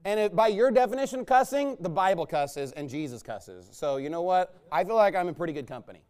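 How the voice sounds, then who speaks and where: A man's voice: high voice, lively intonation, a little fast, a little mellow, clean tone. A male pastor preaching a fiery sermon in a combative, sarcastic way, mocking imagined critics.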